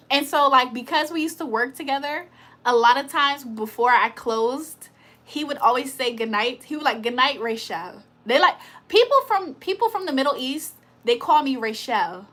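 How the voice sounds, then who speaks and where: A woman's voice: sits high, animated, moderate pace, pushed and bright. A woman hosting a casual livestream, reading viewer comments aloud, teasing them and laughing often. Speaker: livestream host.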